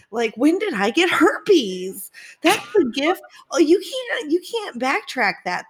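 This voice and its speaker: A woman in her twenties telling candid personal stories in casual chat, swearing freely and acting out the people she quotes. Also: on the high side. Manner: candid, swearing, laughing, acts out quoted dialogue.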